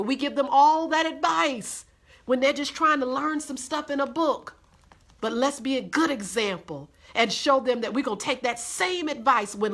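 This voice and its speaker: Bright-voiced woman preaching warmly. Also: on the high side. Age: adult with a day job. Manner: folksy and encouraging, calls listeners honey and baby; laughs often, repeats phrases for emphasis. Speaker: host of a weekly live devotional. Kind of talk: livestreamed encouraging sermon.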